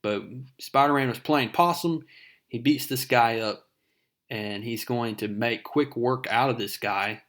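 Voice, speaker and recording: A man's voice: mid-range voice, unhurried, fairly bright tone. A man casually recapping a comic book, speaking with fillers and calling his viewers folks.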